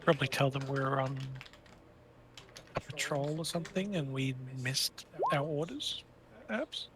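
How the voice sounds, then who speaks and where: A man's voice: medium pitch, unhurried, background noise. A man, a player in a tabletop game, tentatively suggesting what to do next. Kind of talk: casual tabletop play.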